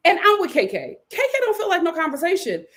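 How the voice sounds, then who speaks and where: A young adult woman giving a sassy, emphatic live recap of a reality show, acting out the cast's lines in quick asides. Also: very high voice, huge pitch swings, fairly bright tone. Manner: sassy, emphatic, quotes cast members in voices.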